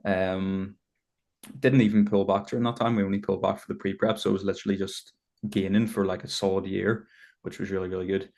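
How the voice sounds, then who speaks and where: A man in his twenties with a Northern Irish accent, chatting casually as a podcast guest, relaxed and rambling with fillers. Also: low-pitched, brisk, vocal fry. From Northern Ireland. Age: 20s. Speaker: guest, bodybuilder. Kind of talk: casual chat.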